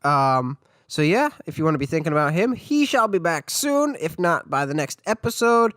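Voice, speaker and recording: A man's voice: on the high side, big pitch swings, moderate pace, fairly bright tone, no room sound. A man with a congested voice, hosting a casual solo movie podcast and chatting with enthusiasm. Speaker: podcast host.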